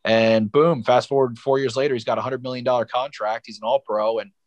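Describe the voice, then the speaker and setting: A man's voice: medium pitch, fairly even intonation, a little fast, dry recording, muffled recording. A man talking casually as a guest sports podcaster, rambling and emphatic, with lots of fillers. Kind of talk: casual sports analysis chat.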